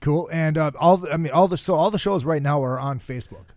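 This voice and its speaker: A man's voice: a little high, fast talker, darkish tone, no room sound, studio quality. A man from the upper Midwest hosting a podcast, telling long rambling stories full of swearing. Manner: profane, rambling storyteller. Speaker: podcast host. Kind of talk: casual podcast chat.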